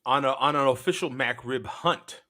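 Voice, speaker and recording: A man's voice: mid-range voice, moderate pace, pushed and bright. A man hosting a casual chat on a live show, jokey, laughing often and riffing on his co-hosts. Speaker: host.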